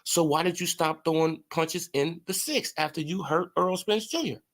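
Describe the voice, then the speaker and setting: Speaking at normal speed with a fairly high pitch, a man provides casual boxing commentary on a livestream. He jokes mockingly, swears, laughs a lot and engages with his chat.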